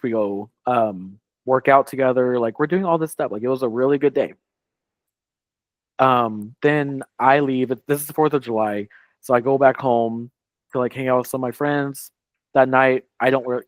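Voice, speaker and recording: Male podcast co-host, mid-pitch, rambling anecdote, dry booth sound. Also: moderate pace, no room sound. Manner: rambling, heavy on "like", quoting others. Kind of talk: casual storytelling chat.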